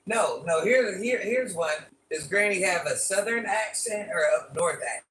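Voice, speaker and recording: A woman's voice: mid-range voice, expressive, normal speed, fairly bright tone. An older woman hosting a casual live stream, chatting with viewers and repeating requests to like and subscribe. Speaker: livestream host. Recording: echoey room, voice from far off.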